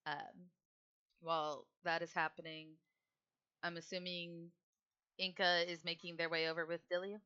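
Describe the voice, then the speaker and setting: A woman's voice: on the low side, level tone, a little slow, long pauses, pushed and bright, clean tone, muffled recording. A woman narrating as game master in a tabletop game.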